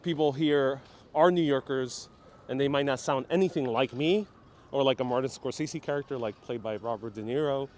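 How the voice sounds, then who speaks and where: A man's voice: medium pitch, moderate pace, darkish tone, a little hiss or hum. A man from New York City hosting a live walking tour outdoors, chatting with viewers and reading out and answering their comments. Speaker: walking-tour livestream host.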